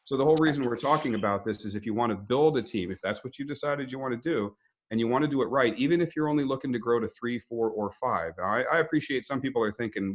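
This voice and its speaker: A man's voice: mid-range voice, fast talker. A man hosting a webinar interview, explaining in a conversational way with acted-out quotes.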